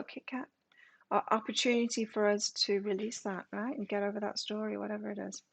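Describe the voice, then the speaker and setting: During a live tarot reading, a woman reads card meanings aloud and then muses on them casually. Her voice is medium in pitch with a creaky texture.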